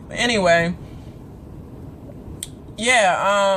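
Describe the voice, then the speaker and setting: A woman's voice: mid-range voice, moderate pace, a bit bright, a little hiss or hum. A woman vlogger giving a casual, dramatic reaction rant about a TV episode, swearing freely and acting out the characters. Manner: chatty with many fillers and asides.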